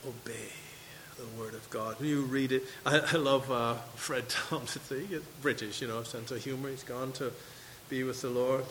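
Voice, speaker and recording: A man's voice: mid-range voice, steady tone, moderate pace, a bit bright, big-room sound, slight background noise, low-quality recording. A man preaching a sermon to his congregation, reading scripture and asking questions. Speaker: pastor. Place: church sanctuary.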